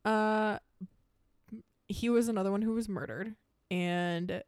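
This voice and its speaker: A woman's voice: medium pitch, steady tone, slow, a little mellow. A young woman hosting a podcast, going through case notes in casual chat with a jokey, self-mocking manner. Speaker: podcast host presenting a case.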